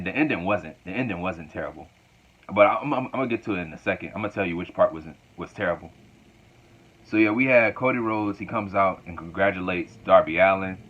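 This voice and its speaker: Male reviewer, casual and rambling, slightly low voice, muffled lo-fi recording. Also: a bit bright. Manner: rambling, repeats phrases while recapping. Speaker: wrestling show reviewer.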